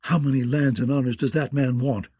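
Male narrator doing an imperious storybook queen, dismissive and dark-toned. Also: mid-range voice, steady tone, fairly quick, slightly rough, no room sound, natural voice. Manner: cold, commanding, dismissive. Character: proud imperious queen, woman.

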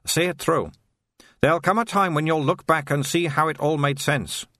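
A man reading an audiobook, voicing a calm, knowing male guide who speaks gently and reassuringly. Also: a little high, normal speed, no echo, clean studio sound, pitched above the performer's own voice.

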